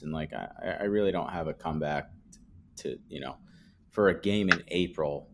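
A man's voice: a bass voice, a little fast, fairly bright tone, a little hiss or hum. A man co-hosting a casual sports podcast, talking in a laid-back, shrugging way. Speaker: podcast co-host. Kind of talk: casual chat.

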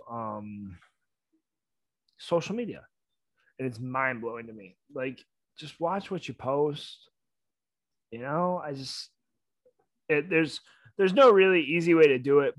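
A young man co-hosting a podcast, telling stories in a loud, animated, casual way. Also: medium pitch, no room sound. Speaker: podcast co-host. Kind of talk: casual chat.

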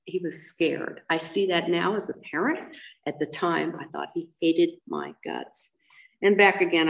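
Older american lady, low gravelly voice, blunt story about her past, lots of ums. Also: low-quality recording. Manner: blunt, frank, acts out quoted voices, frequent ums. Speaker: guest telling her life story. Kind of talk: candid personal storytelling.

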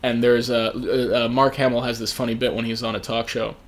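A young man in casual podcast chat, easygoing, sharing trivia and slipping into quick impressions. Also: mid-range voice, flat delivery.

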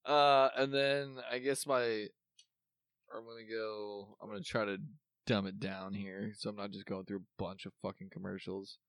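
A man's voice: lowish voice, little pitch movement, a little slow, fairly bright tone, clean tone, dry recording, studio quality. A man co-hosting a podcast in casual chat, rambling through memories, swearing freely and losing his thread. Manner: rambling, swears often, trails off mid-thought. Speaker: podcast co-host.

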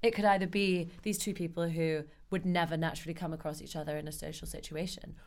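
A woman's voice: deep voice, fast. A British woman co-hosting a casual chat, rambling with many fillers. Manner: rambling, lots of fillers, animated. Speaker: co-host.

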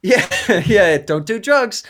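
A man's voice: slow pace, a crowd in the background. A man co-hosting a casual podcast chat, swearing freely and mimicking voices. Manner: lively, swearing, mimics voices with big pitch jumps. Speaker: co-host, former assistant language teacher in Japan.

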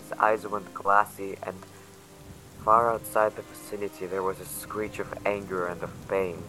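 A man narrating in the first person as a frightened young survivor, quiet and tense. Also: sits low, level tone, moderate pace, music in the background, lightly acted, rough recording. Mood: shaken. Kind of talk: audio drama narration.

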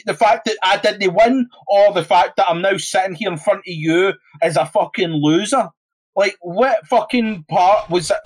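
A man's voice: high-pitched, low-quality recording. A young Scottish man on a casual podcast, ranting heatedly and swearing constantly. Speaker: podcast co-host.

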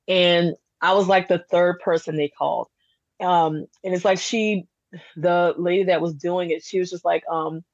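A woman who runs a candle business, a guest on a casual podcast, telling her story in an animated, chatty way with many fillers. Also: on the low side, moderate pace, no echo. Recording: dull lo-fi dry sound.

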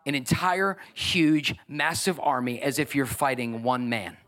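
A middle-aged man, preaching a sermon as pastor in an animated, joking way with asides to the congregation. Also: medium pitch, measured pace.

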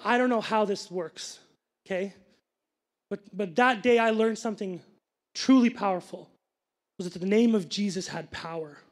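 High-voiced man telling a sermon story. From grew up Sikh, family from India. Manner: animated storytelling with asides to the congregation. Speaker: pastor.

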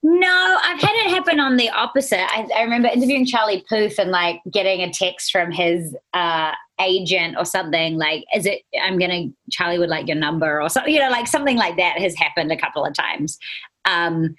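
This is a woman in her thirties with a New Zealand accent, talking casually as an interview guest. Her voice sits a little low, and she giggles and bounces between thoughts with bright animation. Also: fairly quick. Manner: giggly, animated, laughs often.

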